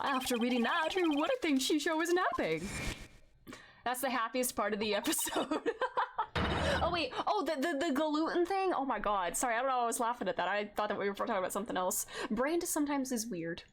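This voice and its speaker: A woman streamer chats casually over her game, laughing and muttering to herself, slightly high with a lively, bouncing pitch. Game music plays clearly behind her. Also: a little fast, noisy background. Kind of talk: casual let's-play commentary.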